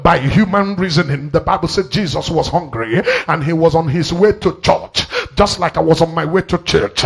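A man's voice: on the high side, gravelly, fairly bright tone, husky. A man preaching a sermon to a congregation, emphatic and repetitive, often asking the crowd questions. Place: church service before a congregation.

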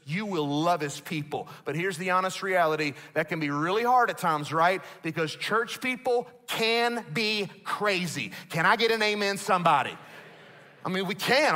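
High, bright-voiced man preaching. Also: lively intonation, moderate pace. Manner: emphatic, conversational preaching with asides to the congregation. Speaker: pastor. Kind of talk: sermon. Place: church auditorium.

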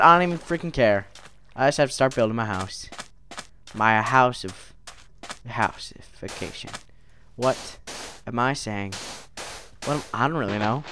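A man's voice: mid-range voice, lively intonation, a little slow, pauses often, bright, forceful tone, no room sound. A man rambling goofily through let's play commentary, with mild mock curses and silly tangents. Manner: rambling, goofy, mock cursing. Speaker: gaming video creator.

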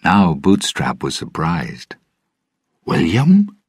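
Slow, deep-voiced male storyteller with a gravelly, husky voice. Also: very animated, dry recording, clean studio sound. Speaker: narrator. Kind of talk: storybook narration for English learners.

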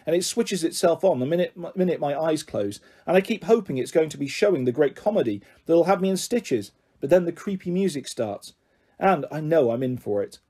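Mellow man reading a children's story. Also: on the high side, slightly rough. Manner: lively, expressive first-person narration. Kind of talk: reading a children's book aloud.

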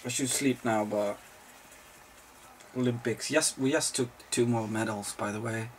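A man's voice: medium pitch, fairly even intonation, unhurried, a little hiss or hum. A tired man who has not slept, rambling and swearing through casual chat as a video host. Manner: swears freely, rambles and jokes. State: tired from lack of sleep. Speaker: video host answering viewer questions.

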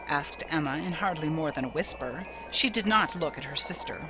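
A woman narrating a classic ghost story in a measured, steady way. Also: low-pitched, music in the background, rough recording.

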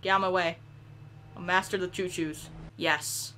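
A young woman giving excitable let's play commentary, yelling and laughing at the game. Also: on the low side, fairly quick. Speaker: gaming YouTuber.

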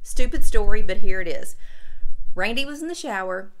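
A woman's voice: medium pitch, lively intonation, moderate pace, a bit bright, poor audio. Chatty woman vlogger. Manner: chatty, friendly and candid, uses y'all. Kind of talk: casual chat to camera.

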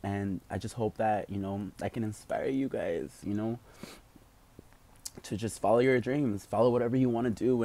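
A man's voice: lowish voice, darkish tone, a little hiss or hum. A man in his twenties talks to his viewers in a rambling, emotional vlog rant, full of fillers and tearful at times. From United States. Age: 20s. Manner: rambling, heavy with fillers like "like" and "you know". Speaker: vlogger.

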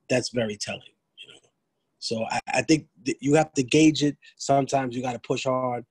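A man's voice: mid-range voice, breathy edge, no echo, rough recording. A man, giving a blunt, streetwise lecture to students, with frequent profanity and restarts. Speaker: guest lecturer.

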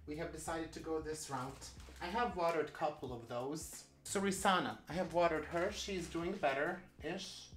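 A chatty vlogger at a mid pitch rambles on while doing plant chores, often talking to themselves. The talk is loose and casual. The room is bare and echoey. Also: normal speed, hardly any pauses, fairly bright tone, soft background music. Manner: chatty, rambling, talks to self. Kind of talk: casual vlog chat. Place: indoors among plant tents.

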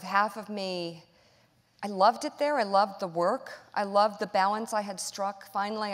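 A middle-aged woman, a guest author, telling a personal story on stage in candid, animated conversation. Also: medium pitch. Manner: candid, emotional, animated retelling with acted-out dialogue. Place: large auditorium stage. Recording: long hall reverb.

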